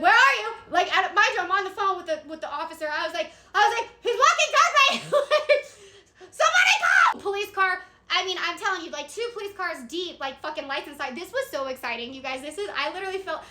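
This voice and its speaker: A young woman telling a dramatic story in a casual, excitable way, swearing freely and acting out the moments. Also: sits high. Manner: excitable, profane, dramatic retelling. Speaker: storyteller vlogger. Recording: echoey room.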